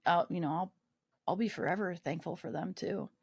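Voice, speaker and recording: Animated woman telling a story, dry sound. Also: fairly low pitch, brisk, slightly rough, dry recording. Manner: animated storyteller acting out quoted dialogue, frequent swearing and laughs. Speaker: guest, army veteran. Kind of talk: casual storytelling interview.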